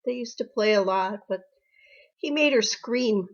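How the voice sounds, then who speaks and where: A woman's voice: mid-range voice, unhurried. An older woman being interviewed about her daughter, telling family stories in a fond way and repeating phrases. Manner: warm storytelling, emotional, repeats phrases. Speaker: interviewee, mother. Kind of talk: reminiscing interview. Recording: dull lo-fi recording.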